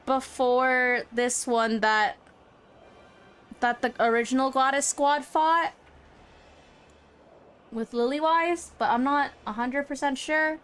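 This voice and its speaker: A woman's voice: high-pitched, fairly bright tone, smooth. Chatty woman streamer reading a game story. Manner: chatty, reads narration aloud and reacts.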